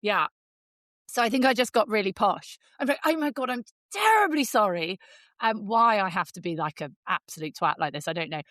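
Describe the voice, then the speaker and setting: A woman with an English accent, co-hosting a podcast and telling a story in casual, lively chat, jumping into high voices for quotes. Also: a little fast, no room sound. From England. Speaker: podcast co-host.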